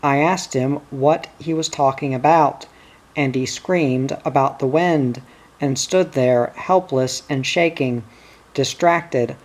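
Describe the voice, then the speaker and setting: A troubled country wife pours out her worries about her husband at a slow, weighed pace. An audiobook reader voices her in a plain, everyday register with a middle pitch, without a strongly put-on voice.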